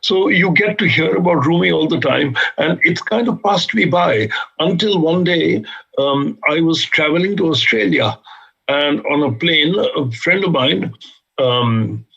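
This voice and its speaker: A man from Bombay, a guest author, telling lively, humorous anecdotes in conversation. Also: on the high side, a little slow, vocal fry, husky. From India (Bombay). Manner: lively, humorous, vivid storyteller. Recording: dull lo-fi sound.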